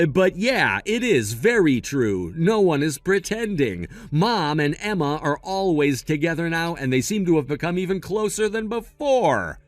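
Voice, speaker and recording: A man's voice: fairly high pitch, very animated, unhurried, hardly any pauses, no room sound, soft background music. Blunt man reading a text story. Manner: blunt, scolding tone. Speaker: narrator voicing text chat. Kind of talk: read-aloud text-message story.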